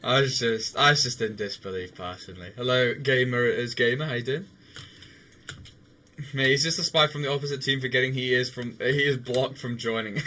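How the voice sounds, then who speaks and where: A young man livestreams a game, chatting loosely, laughing often, and restarting his sentences a lot. His voice is medium-pitched with a sharp tone.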